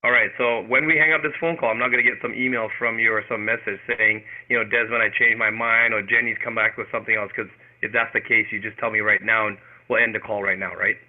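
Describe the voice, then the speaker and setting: A man's voice: lowish voice, fairly even intonation, fast talker. A man taking part in a sales role play, hesitant and stumbling over his words. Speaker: workshop participant. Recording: tinny call audio.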